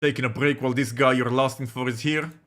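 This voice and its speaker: A man's voice: mid-range voice, fairly even intonation, fast, a bit bright, natural voice. A man voicing a bossy, possessive adult man who gives curt orders and brushes off complaints. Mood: curt, dismissive. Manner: curt, commanding.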